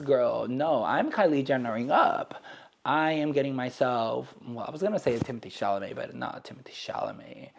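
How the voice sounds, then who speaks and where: A man's voice: medium pitch, gravelly, a little mellow. A young man ranting to camera in a sarcastic, rambling, dramatic way. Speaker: vlogger. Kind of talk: casual rant to camera.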